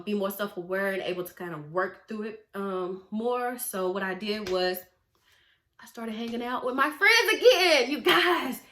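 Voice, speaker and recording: A young woman and mental health therapist in a casual personal vlog, chatty and animated, often checking in with "right?". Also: medium pitch. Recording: roomy echo.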